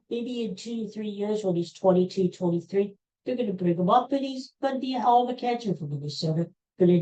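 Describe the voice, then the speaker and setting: A woman's voice: medium pitch, dark tone, rough recording. A woman hosting a podcast, delivering an exasperated, sarcastic solo sports rant. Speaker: podcast host.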